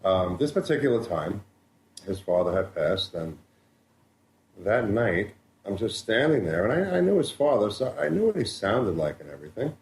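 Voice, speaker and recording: Co-host, man, animated storyteller, lively pitch, echoey studio with faint hiss. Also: moderate pace. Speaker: radio co-host. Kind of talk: radio talk show storytelling.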